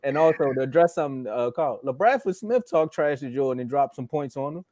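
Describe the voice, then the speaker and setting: A man co-hosting a sports podcast, telling stories in a relaxed, casual way and acting out quotes. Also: mid-range voice, brisk, no room sound. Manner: relaxed storyteller who acts out quotes.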